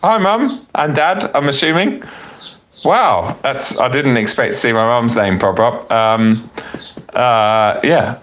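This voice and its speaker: Casting note: low-voiced man hosting a live car Q&A, loose and chatty, a bit tipsy. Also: fairly bright tone. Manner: rambling, self-correcting, chatty with frequent fillers. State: tipsy from wine. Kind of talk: casual live-stream chat reading viewer comments.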